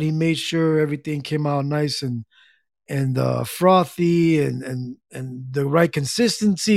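Brief: middle-aged male streamer, relaxed rambling chat, gravelly, slightly higher voice. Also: no room sound, studio quality. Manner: rambling, easygoing, reads chat aloud. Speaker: livestream host. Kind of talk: casual chat with viewers.

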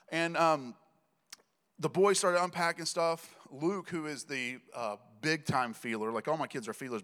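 Casting: male preacher, slightly high voice, chatty and joking, echoing church hall. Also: a bit bright. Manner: conversational, joking, with rising emphasis. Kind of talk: sermon storytelling. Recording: reverberant hall.

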